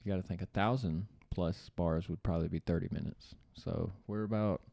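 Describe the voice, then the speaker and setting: A young man hosts a loose, joking podcast chat, and his speech is full of filler words. His voice sits low with a mellow, dark tone. The sound is dry and close, with no room echo. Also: fairly even intonation, fairly quick, creaky. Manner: rambling, jokey, full of "like". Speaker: podcast host. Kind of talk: casual chat.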